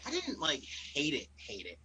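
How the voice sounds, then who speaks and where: A man talking as a podcast guest in casual chat, relaxed and full of "like" fillers. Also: fairly high pitch, normal speed, slight background noise, poor audio. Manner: relaxed, filler-heavy, lots of "like".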